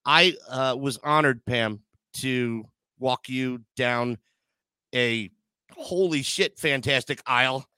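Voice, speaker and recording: A man's voice: medium pitch, takes it slowly, bright, forceful tone, clean tone, no room sound. A man hosting a casual live chat show, joking crudely and getting sentimental with his audience. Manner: joking, crude banter, emotional asides. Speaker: podcast host.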